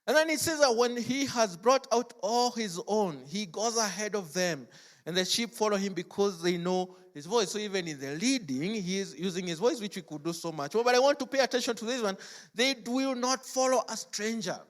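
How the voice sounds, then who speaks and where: A man's voice: high-pitched, expressive, moderate pace. A man preaching a sermon in a church, telling stories in a chatty way full of "like" and "as it were". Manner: chatty storytelling, frequent "like" and "as it were". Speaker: pastor.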